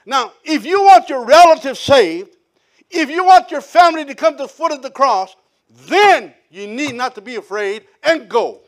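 Man preacher, very high voice, animated sermon storyteller. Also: normal speed. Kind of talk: sermon testimony.

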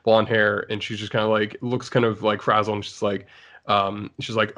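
A man's voice: lowish voice, flat delivery, normal speed, pushed and bright, muffled recording. A man co-hosting a casual chat about shows, rambling with lots of fillers and restarts. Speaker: podcast co-host.

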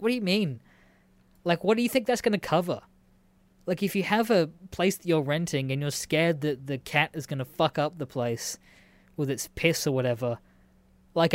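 A man's voice: fairly high pitch, dry recording. A young Australian man hosting a casual solo podcast, reading news aloud and reacting with swearing and frequent laughter. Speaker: podcast host.

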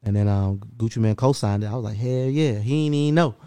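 A man's voice: lowish voice, noisy background. A man, a podcast host telling stories in casual, profane chat. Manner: animated storytelling, profane, fast-talking.

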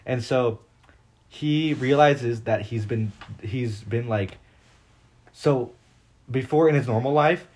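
An excitable man chats on a casual podcast in a middle-pitched voice. He rambles through his stories and leans on fillers as he goes. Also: takes it slowly, long pauses. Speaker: podcast co-host. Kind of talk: casual chat.

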